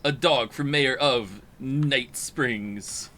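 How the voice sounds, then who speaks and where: A nasal, nerdy male announcer, played by a man delivers a mock-dramatic campaign pitch in a grandiose tone. The voice is bright and sharp. It comes from a casual gaming stream. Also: drawn-out words.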